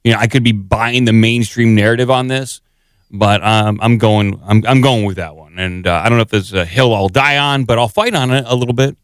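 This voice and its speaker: Recorded dry with clean studio sound, a man with a lowish voice and clean tone speaks briskly. As a podcast co-host in casual conversation, he rambles, pokes fun at himself, and fills his speech with fillers.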